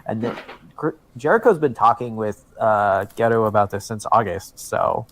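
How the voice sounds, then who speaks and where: Excitable, swearing podcast co-host man. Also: lowish voice, normal speed. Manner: excitable, emphatic, swears freely. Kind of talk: casual chat.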